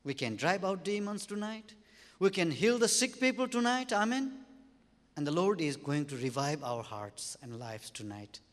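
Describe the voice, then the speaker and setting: A man preaching, telling a deliverance story with sudden loud exclamations and quiet drops, then leading a fervent prayer. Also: fairly high pitch, very animated, moderate pace. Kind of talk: sermon with testimony and prayer. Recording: long hall reverb.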